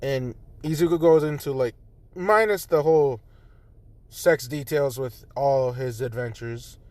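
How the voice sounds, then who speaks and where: A man's voice: medium pitch, a little slow, darkish tone, no room sound. A young man casually telling a fan story, rambling with lots of fillers and the odd swear. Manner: rambling, filler-heavy, profane.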